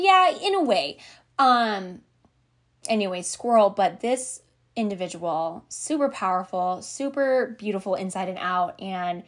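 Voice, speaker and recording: A woman hosts her own podcast in a loose, rambling talk. She fills her sentences with "like", drifts off on side notes and laughs lightly between thoughts. Her pitch sits in an everyday middle range. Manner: chatty, rambling, peppered with "like" and laughs; acts out her own reactions in quoted asides. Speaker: podcast host. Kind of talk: casual conversational monologue.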